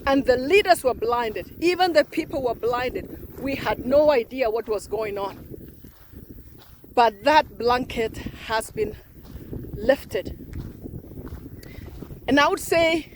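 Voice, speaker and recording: Impassioned high-voiced woman vlogger. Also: expressive, slow, pauses often, slight background noise. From Africa. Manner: impassioned, emphatic, counting off numbered points. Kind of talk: opinion commentary vlog.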